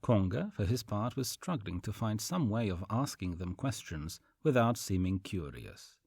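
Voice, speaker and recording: A man narrates an audiobook with a deep, husky voice. His reading moves up and down expressively, and the sound is close and dry. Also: very animated, normal speed, darkish tone, no room sound.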